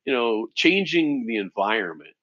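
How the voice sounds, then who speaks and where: A man, a safety consultant, telling stories in a relaxed, conversational way, with lots of fillers and acted-out quotes. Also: mid-range voice, moderate pace, muffled recording. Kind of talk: conversational storytelling.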